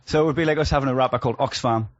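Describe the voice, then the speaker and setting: A British man throwing quick jokes and laughs into a casual podcast chat. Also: mid-range voice, no echo, highs cut off. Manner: quick jokey interjections, laughing. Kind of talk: casual banter.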